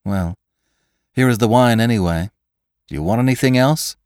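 A man voicing a lively young peasant maiden in a spoken storybook, pitching his deep voice up into a teasing, indignant lilt. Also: moderate pace, smooth, dry recording, studio quality, close to an everyday voice. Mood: pert. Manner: high, bright, teasing and indignant.

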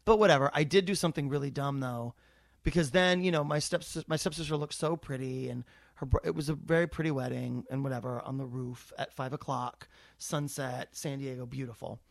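A man's voice: mid-range voice, brisk, vocal fry, no echo. Man in his forties telling a rambling story. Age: 40s. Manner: animated, rambling, self-deprecating storyteller. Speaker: comedian co-host. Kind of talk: casual storytelling chat.

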